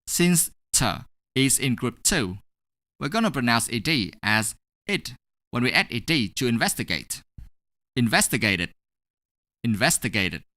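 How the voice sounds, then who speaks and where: Lively, bright-voiced male English teacher. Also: medium pitch, dry recording, clean studio sound. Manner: clear, step-by-step explaining. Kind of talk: scripted lesson narration.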